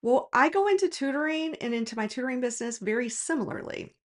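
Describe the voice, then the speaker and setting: A woman's voice: sits high, lively intonation, quick pace. A woman who runs a tutoring business, telling a personal story in a casual, frank and reflective way, straight to her viewers.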